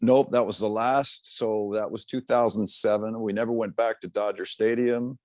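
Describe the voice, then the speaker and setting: Middle aged guy telling a story on a podcast, lowish voice, dry close sound, acts out the quotes. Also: steady tone, moderate pace, no room sound. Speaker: sportscaster guest. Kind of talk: storytelling interview.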